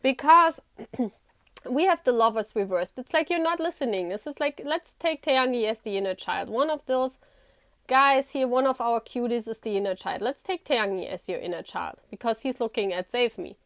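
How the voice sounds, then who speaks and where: A fairly high-voiced woman reads tarot cards in a loose, chatty way. She laughs often and keeps reassuring the listener. The sound is dry and close, with no room echo. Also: animated, moderate pace, a bit bright. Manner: talks directly to the viewer, repeating "you know". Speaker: tarot reader. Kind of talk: casual tarot reading to camera.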